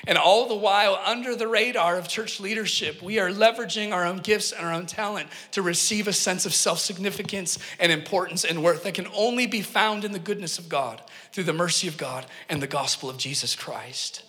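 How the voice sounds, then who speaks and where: A man's voice: high-pitched, brisk, few pauses, bright, forceful tone. A man preaching a sermon in a church hall. He is earnest and emphatic, and he tells personal stories with joking asides to the congregation. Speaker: pastor. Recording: echoey hall reverb.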